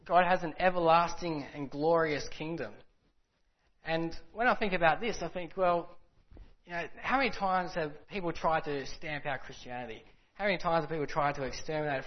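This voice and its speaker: A man preaching in a casual, conversational way, telling a story and acting out the people in it, with many fillers. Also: fairly high pitch. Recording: dull lo-fi sound.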